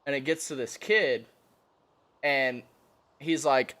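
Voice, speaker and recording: A young man telling a story on a stream in a casual, animated, profane way, laughing often. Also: medium pitch, a little slow, long pauses.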